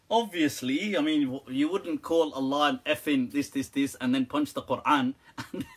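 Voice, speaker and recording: A man's voice: high voice, fairly bright tone, slightly rough. A man answering viewer questions on a live stream, teasing, joking and laughing often.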